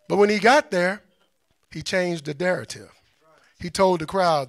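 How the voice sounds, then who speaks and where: A man's voice: sits high, normal speed, a bit bright, no room sound. A man giving an impassioned talk to an audience, blunt and scornful, firing off rhetorical questions in a preacherly cadence. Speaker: speaker on liberation.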